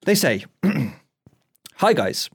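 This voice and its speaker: A man's voice: medium pitch, very animated, drawn-out words, gravelly, a little hiss or hum. A man co-hosting a casual podcast, reading out a listener's letter and laughing and swearing as he goes. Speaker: podcast co-host.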